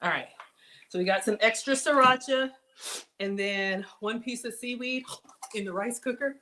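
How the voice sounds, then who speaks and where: A woman hosting a casual cooking demonstration, chatty and excitable, talking straight to her viewers as she builds a snack. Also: on the high side, normal speed, a little hiss or hum. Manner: bubbly, excitable, chatty, addresses viewers as y'all. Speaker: cooking show host.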